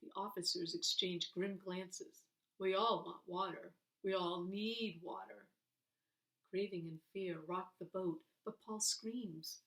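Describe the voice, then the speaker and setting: A woman's voice: fairly low pitch, steady tone, slow, a bit bright, roomy sound, poor audio. A woman reading a children's novel aloud, voicing the characters with expression. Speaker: reader.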